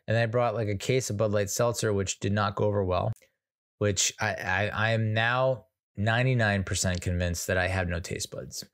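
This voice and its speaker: A low, gravelly American man in his thirties tells a story in a loose comic ramble. He mocks himself and keeps stopping to restart his sentences. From United States. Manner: rambling, self-deprecating, many restarts. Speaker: comedian host. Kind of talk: casual comedic storytelling.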